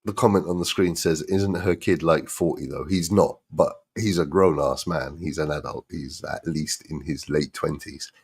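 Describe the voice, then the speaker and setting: A man's voice: rumbling low, normal speed, few pauses, a little mellow, breathy edge, no echo. A man hosting a live stream, giving sarcastic, mocking commentary to his audience over played clips. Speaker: livestream host.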